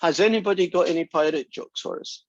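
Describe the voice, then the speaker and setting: A man's voice: a little high, sing-song, fast, gravelly, muffled recording. A man lecturing a math class over a video call in a rambling, joking way. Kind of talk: casual online lecture.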